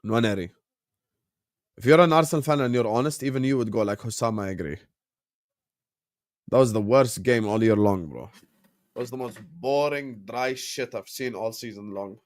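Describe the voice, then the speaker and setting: A man's voice: medium pitch, fairly quick, no echo. Slightly sick Jordanian-accented man, dry sound. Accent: Jordanian Arabic. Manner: bantering with viewers, reading out chat names; switches between English and Jordanian Arabic. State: a bit sick, on cough syrup. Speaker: watchalong host. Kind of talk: casual live-stream watchalong chat.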